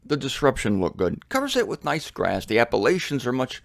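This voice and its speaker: An American man giving a casual, animated Bible study with humorous asides. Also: medium pitch, fairly quick, vocal fry, no room sound, studio quality. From United States. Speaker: Bible teacher. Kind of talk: conversational Bible study teaching. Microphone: studio mic with headphones.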